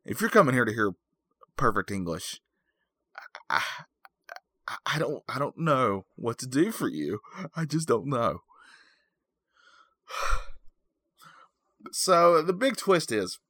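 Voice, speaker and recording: A man's voice: fairly low pitch, pushed and bright, no room sound, clean studio sound. A man giving a rambling, self-deprecating comedic recap, full of fillers and asides. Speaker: comic movie recapper.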